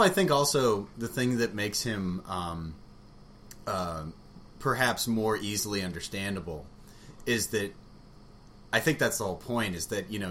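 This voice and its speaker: A man in casual, frank conversation about a book, rambling with fillers and quick laughs. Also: sits low, fairly bright tone. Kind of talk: casual chat about books. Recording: faint background noise.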